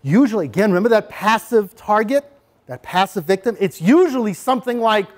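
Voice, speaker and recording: High-voiced man giving a parent workshop. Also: fairly quick. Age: middle-aged. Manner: animated, acts out scenes for the audience. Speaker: anti-bullying presenter.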